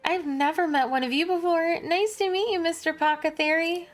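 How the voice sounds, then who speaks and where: A woman voicing an eager little village girl in a high, squeaky voice, reading game dialogue aloud. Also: brisk, faint music behind. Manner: squeaky, earnest and excited.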